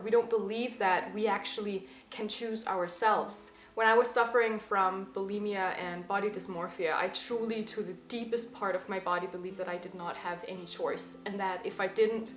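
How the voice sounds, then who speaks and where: A young woman in her twenties talking to camera in an earnest, emphatic personal monologue. She slows down to stress the words that matter most. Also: mid-range voice, fairly even intonation. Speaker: vlogger. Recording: slightly echoey room with faint music.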